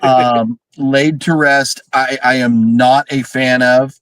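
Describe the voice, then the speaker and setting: A man co-hosting a horror film livestream, talking casually and excitedly, swearing and mimicking characters. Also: mid-range voice, slow, poor audio. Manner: animated, swearing, mimics characters with big shrieks. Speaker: podcast co-host reviewing horror films.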